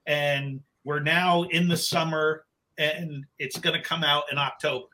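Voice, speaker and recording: Middle-aged male guest, bright somewhat high voice, rambling storyteller, lots of restarts. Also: flat delivery, a little slow. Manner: rambling, with many restarts and acted-out quotes. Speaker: guest, book cover artist. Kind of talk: casual storytelling anecdote.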